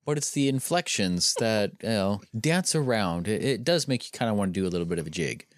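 A man's voice: on the low side, lively intonation, brisk, no room sound, studio quality. A man co-hosting a podcast who rambles and searches for words in casual banter. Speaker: podcast co-host.

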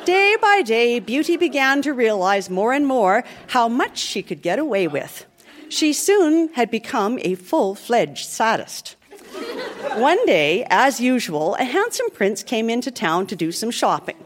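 A woman reads a dark comic fairy tale aloud. Her high voice swings widely in pitch. The telling is playful and animated throughout. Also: a little slow, a little hiss or hum. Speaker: storyteller. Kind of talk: reading a comic story aloud.

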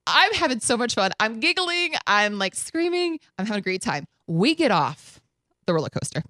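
Lebhafte Frau erzählt eine Dating-Geschichte. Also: female voice, fairly low pitch, no echo. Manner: animated, acts out quotes with laughs. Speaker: radio show host. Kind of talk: casual storytelling chat.

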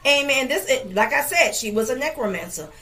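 A woman's voice: sits high, animated, brisk, sharp tone. A woman leading a Bible study, preaching fervently with frequent amens and hallelujahs and many fillers.

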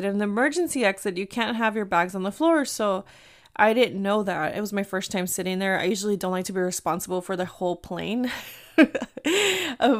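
Mexican-American woman, 30s, podcast host; chatty, animated storyteller with Spanish asides. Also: mid-range voice, clear, resonant tone. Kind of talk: casual storytelling chat.

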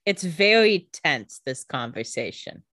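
A woman's voice: low voice, big pitch swings, unhurried, a bit bright, dry recording, studio quality. A woman co-hosting a casual chat, chiming in with quips and mock quotes. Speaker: podcast co-host.

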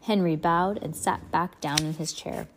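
A woman's voice: sits low, a little slow, a little hiss or hum. Woman reading a kids' book aloud. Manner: expressive, chatty asides to a child listener. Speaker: reader of children's books. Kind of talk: reading a chapter book aloud with character voices.

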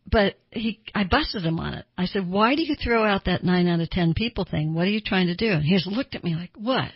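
A woman's voice: on the low side, a little fast, husky, dry recording. A middle-aged woman therapist giving a conversational teaching talk, acting out the people she quotes. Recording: dull lo-fi sound.

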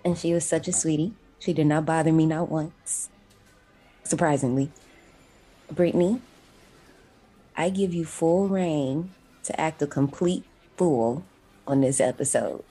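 A woman from the Midwest US hosting a podcast in casual chat, playful and slangy, quick to laugh. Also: low voice, mellow, breathy edge, faint music behind. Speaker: podcast host.

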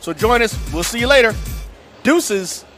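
Upbeat high-voiced man hosting live. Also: measured pace, music in the background. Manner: upbeat, lively hype. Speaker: sports network host. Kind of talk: live on-location presenting. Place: outdoors on a college campus.

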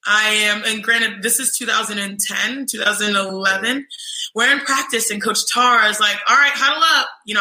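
A young woman telling an animated story in casual chat, acting out other people's voices in quotes. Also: mid-range voice. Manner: lively, mimics voices in quotes, says "you know what I'm saying". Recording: roomy echo.

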